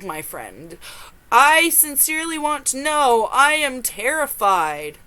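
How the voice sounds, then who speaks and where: A young woman reading confessions aloud and reacting with loud exclamations and laughter. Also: sits high. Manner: animated, exclaims and laughs between lines.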